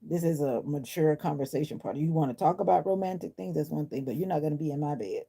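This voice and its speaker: A woman's voice: low-pitched, fast, creaky, dark tone, slightly rough. A middle-aged woman chatting casually on a livestream, answering viewers' comments in a blunt, sassy way while feeling unwell. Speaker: livestream host. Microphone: phone or device mic.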